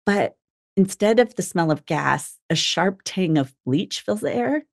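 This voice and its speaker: A woman's voice: on the low side, animated, a little slow, creaky, no room sound, clean studio sound. A young adult woman co-hosting a podcast, recounting a true crime case casually, with frequent swearing and laughter. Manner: swears and laughs while recounting grim details. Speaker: podcast co-host.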